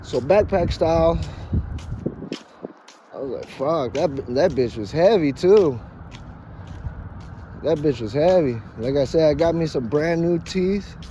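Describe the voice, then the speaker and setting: A man's voice: on the high side, expressive, unhurried, long pauses, warm tone, lo-fi sound, a little hiss or hum. A man talking in a casual, profane, rambling vlog monologue, emphatic and dramatic with joking asides, recorded outdoors. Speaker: vlogger.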